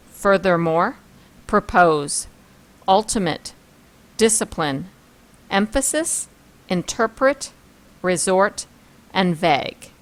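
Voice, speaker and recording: A woman teaching a vocabulary lesson, reading words and example sentences aloud and commenting on pictures. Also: lowish voice. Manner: reads word lists and example sentences, then comments on pictures.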